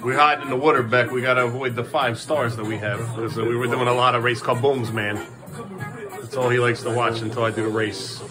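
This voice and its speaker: Over music, a man with a mid-range, steady voice talks fairly quickly while filming a casual family vlog indoors at home. He coaxes his young sons along patiently and playfully. It's a home video with clear background noise.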